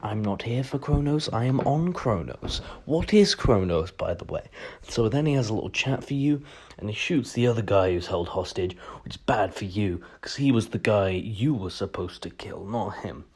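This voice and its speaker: Young man, deep voice, profane, joking game recap. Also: animated, moderate pace, darkish tone, husky. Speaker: gaming YouTuber. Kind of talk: casual game commentary.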